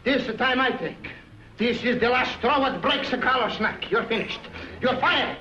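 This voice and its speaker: A ranting fake-Italian club boss. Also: male voice, very high-pitched, normal speed, a little hiss or hum. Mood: furious. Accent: put-on Italian. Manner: shouting, broken English. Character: hot-tempered male club owner with a fake Italian accent. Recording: echoey, dull old film soundtrack with crowd.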